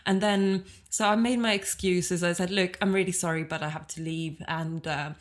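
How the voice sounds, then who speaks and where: A woman's voice: fairly low pitch, fairly even intonation, normal speed. Chatty woman co-host telling stories. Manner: chatty, storytelling, self-deprecating. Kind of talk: casual podcast chat.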